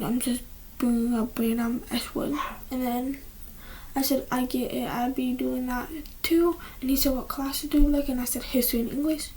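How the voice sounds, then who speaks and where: A woman's voice: high-pitched, warm tone, a little hiss or hum. A teenage girl chatting casually at home, rambling with many restarts and often dropping to a whisper. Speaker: vlogger. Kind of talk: casual chat. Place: at home, indoors.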